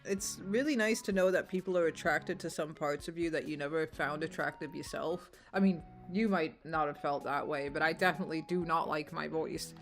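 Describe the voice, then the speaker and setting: A tired young woman streamer with a low, croaky voice that cracks, rambling and swearing casually between laughs. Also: fairly quick, few pauses, faint music behind. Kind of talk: casual gameplay commentary.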